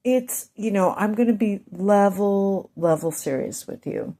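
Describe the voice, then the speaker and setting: A woman with a Midwestern accent delivers a meandering monologue to her audience, pacing her words slowly and deliberately. Her voice sits at a middling pitch with a mellow, darker tone. She drifts into asides and catches herself mid-thought. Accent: Midwestern American. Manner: deliberate, speaks slowly on purpose; wandering, self-interrupting asides. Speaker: vlogger. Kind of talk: rambling monologue to camera.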